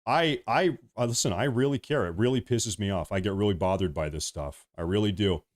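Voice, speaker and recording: A man's voice: fairly low pitch, a little fast. A man in his thirties hosting a political livestream, heated and ranting, reading viewer messages between outbursts. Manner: heated, ranting, then apologetic. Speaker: livestream host.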